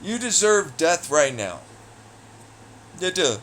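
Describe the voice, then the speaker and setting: A man ranting alone in an audio blog, profane, taunting and hostile, swinging between loud jeers and low muttering. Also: very animated, takes it slowly, a little hiss or hum. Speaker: audio blogger. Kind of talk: angry solo rant.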